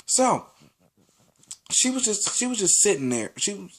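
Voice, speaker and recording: A teenage guy vlogging about his day at school, his voice sitting a bit higher than most men's. He rambles and restarts often and acts out the lines of the people in his story. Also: a little slow. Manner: animated, rambling, with many restarts and acted-out quotes. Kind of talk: casual storytelling vlog.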